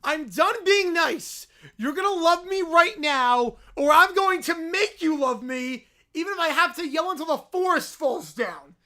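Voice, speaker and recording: A man voicing a whiny, obsessive male bear who yells and pleads over and over. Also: extremely high pitch. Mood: whining. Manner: whining, yelling, drawn-out pleading.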